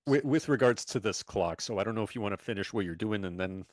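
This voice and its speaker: A man's voice: fairly low pitch, expressive, fast, dry recording. A man co-hosting a live stream, politely cutting in to read viewer questions. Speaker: co-host reading chat.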